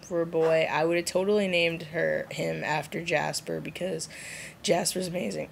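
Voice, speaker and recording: A woman vlogging casually, rambling and giggly, with sudden high jumps when she mimics others. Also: measured pace, gravelly, a little hiss or hum. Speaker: vlogger answering a viewer challenge. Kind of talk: casual rambling vlog chat.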